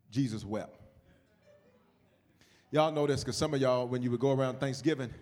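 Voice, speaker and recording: A man preaching a sermon as pastor, moving from loud shouted calls to quiet, hushed storytelling. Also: medium pitch.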